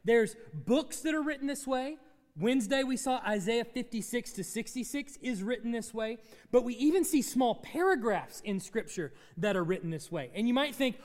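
A man's voice: very high-pitched, expressive, moderate pace, in a large hall. A man preaching a sermon as pastor, teaching through a Bible passage and asking his congregation questions.

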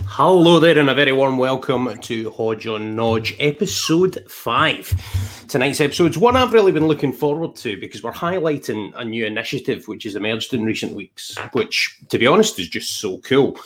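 A man with a Scottish accent hosting a casual podcast interview over a video call, chatty and animated. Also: medium pitch, normal speed. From Scotland. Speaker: podcast host.

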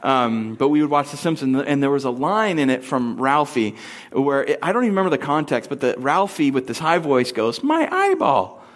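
A man in his thirties preaching a sermon, telling a family story casually and breaking into high, squeaky voice impressions. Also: brisk.

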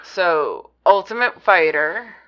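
A woman speaks slowly with a bright edge and lively swings in pitch, dry and sarcastic as she co-hosts a podcast. Her sound is dull and lo-fi. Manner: dry, sarcastic, eye-rolling. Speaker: podcast co-host. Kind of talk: casual banter.

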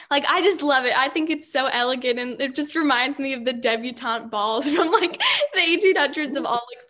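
A woman's voice: fairly high pitch, a bit bright. A teenage girl, a young actress, chatting upbeat and bubbly in an interview, laughing often. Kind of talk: casual interview chat.

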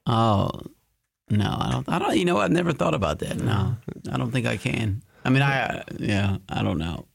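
Man, podcast co-host, gravelly, lively pitch, halting speech. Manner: halting, restarts a lot. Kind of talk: casual podcast banter.

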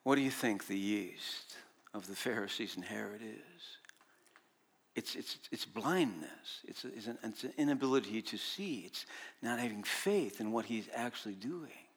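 A man preaching a sermon, animated, swinging from loud exclamations to quiet explanations and acting out the disciples' voices. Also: fairly low pitch, normal speed. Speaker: pastor.

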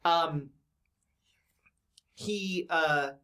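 A man's voice: a little high, pushed and bright, clear, resonant tone. A man running a tabletop horror game as game master, narrating with many ums and restarts. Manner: halting, filler-heavy narration.

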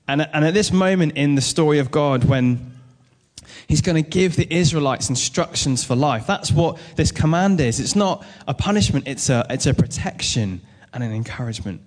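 A man's voice: on the high side, expressive, normal speed, a little mellow. Conversational male preacher. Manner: conversational, with personal stories and asides. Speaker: pastor. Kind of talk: sermon.

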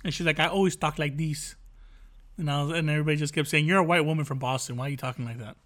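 A man's voice: on the high side, very fast, fairly bright tone. A man co-hosting a podcast, chatting casually in a rambling, jokey and profane way. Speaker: podcast co-host.

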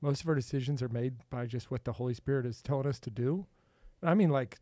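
A man hosting a podcast in casual chat, animated and laughing often. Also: medium pitch, quick pace, few pauses, no echo. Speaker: podcast host.

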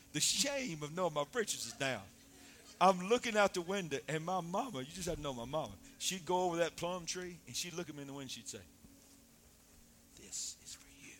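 A man preaching a sermon, dropping soft then shouting loudly. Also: high voice. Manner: animated, swings from soft to shouting. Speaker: pastor.

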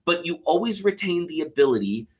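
A podcast guest, a man from Utah, talks in a slightly high voice. He explains things animatedly and keeps a casual, friendly flow. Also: a little fast, husky. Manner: animated, acts out everyday complainers in mock voices. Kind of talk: casual chat.

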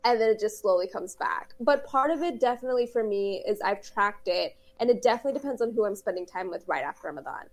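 A woman co-hosting a podcast in an easygoing, talkative way. She explains things at length, with frequent laughs. Her voice sits at an ordinary middle pitch. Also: lively intonation, fast, hardly any pauses. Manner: chatty, explanatory, laughs easily. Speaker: podcast co-host. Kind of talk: casual chat.

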